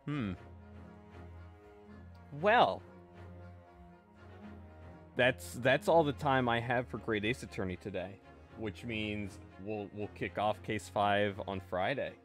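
A man hosting a game stream in casual, excitable chat, breaking into playful exclamations. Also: fairly low pitch, takes it slowly, long pauses, faint music behind. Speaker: streamer and host.

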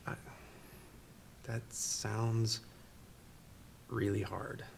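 An actor playing an earnest boyfriend who keeps trying to fix the problem, speaking in a calm, matter-of-fact way in a comedy short film. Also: male voice, on the low side, very slow, gravelly, slight background noise, heavily acted. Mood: defensive.

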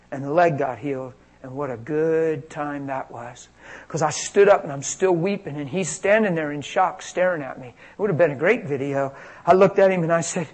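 A man preaching a sermon on healing, telling stories with animated energy and acting out the quotes. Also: fairly high pitch, poor audio.

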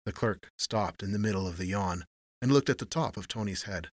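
Brief: man with a lowish voice, steady noir narration, dry close-miked sound. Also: a little fast, dry recording. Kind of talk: scripted narration of a noir story.

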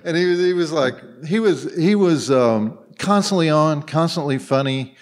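A man's voice: a little high, lively intonation, normal speed. A man telling loose, rambling anecdotes as a guest on a live convention panel, full of fillers and frequent chuckles. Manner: rambling, heavy on fillers and restarts, chuckling often.

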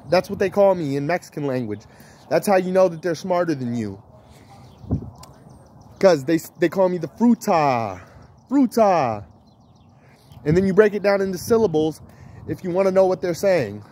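A man's voice: high-pitched, a little mellow, slight background noise. A man vlogging in a rambling, giggly, repetitive stream-of-consciousness monologue to camera.

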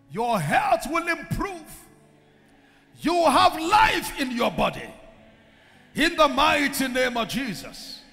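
A male preacher delivers a fervent sermon, shouting out calls and then dropping to a hush. His voice sits high and swings widely, with a gravelly edge. He is heard in a reverberant church hall with faint music underneath. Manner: fervent, shouting exhortations with sudden hushed drops.

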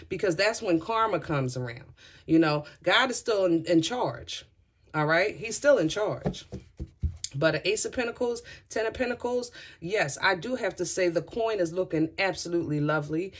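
A woman's voice: on the low side, animated, normal speed, slightly rough. Chatty, effusive woman tarot reader. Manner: chatty and effusive, rambling asides; addresses listeners directly and often. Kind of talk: casual tarot reading to viewers.

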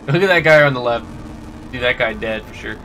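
A young man streaming a first playthrough of a game, reacting with excited, slangy exclamations. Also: mid-range voice, fairly quick, slight background noise. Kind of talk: let's play reactions.

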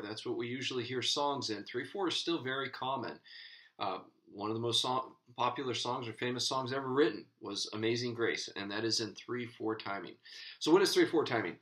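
A man's voice: mid-range voice, fairly bright tone, rough recording. A man teaching guitar in an instructional video, patiently explaining and counting beats aloud as he strums.

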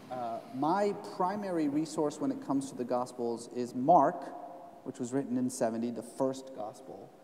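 A man's voice: mid-range voice, warm tone, a little hiss or hum. A man, an author and scholar, explaining at length in a live onstage conversation, with emphatic stresses. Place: event stage in a hall. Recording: roomy hall, voice from a distance.

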